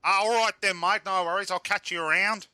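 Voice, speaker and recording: A man's voice: high-pitched, fairly even intonation, brisk, sharp tone, no echo, voice pushed up. A man voicing a cheery young male Australian racing driver in a mock Australian accent, chirpy and full of yeah nah and mate.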